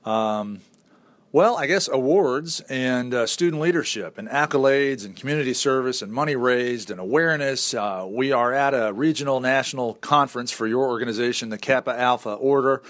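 A man's voice: medium pitch, normal speed, fairly bright tone. A man with a Northern US accent hosting a talk show, chatty, upbeat and jokey while interviewing guests. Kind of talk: casual interview.

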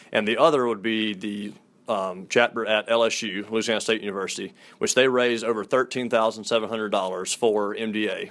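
A man's voice: on the low side, fairly bright tone. A man in his twenties from Mississippi with a Southern accent, an easygoing, friendly interview guest. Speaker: fraternity headquarters staff.

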